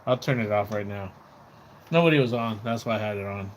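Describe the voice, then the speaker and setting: A man's voice: fairly low pitch, brisk, slight background noise. A man live streaming from outside his house, rambling in casual chat, repeating words and swearing when he gets riled up. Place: outdoors near his house.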